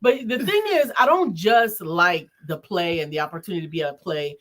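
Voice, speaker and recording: A woman's voice: on the low side, lively intonation, brisk, a bit bright. A woman co-hosting a casual talk show, chatty and affirming, laughing often.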